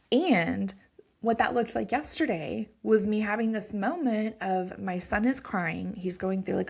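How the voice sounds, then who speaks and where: Woman, 30s, psychologist podcast host, conversational, animated, middle-pitched voice. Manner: conversational, animated, frequent "like" and "right?". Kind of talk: casual educational monologue.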